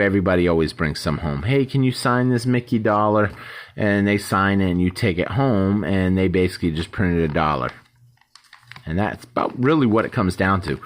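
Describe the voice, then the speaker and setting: A man's voice: sits low, slight background noise. A man hosting his own channel, talking casually and rambling, acting out short quoted exchanges. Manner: rambling, conversational, acts out little quoted exchanges. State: yawning, tired. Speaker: YouTube host. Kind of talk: casual talk to camera.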